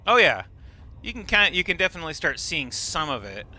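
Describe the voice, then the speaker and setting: A man's voice: fairly high pitch, sing-song, fairly quick, bright, forceful tone, slight background noise. A man streaming a game live, explaining what he sees with enthusiasm and casual swearing. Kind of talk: live gameplay commentary.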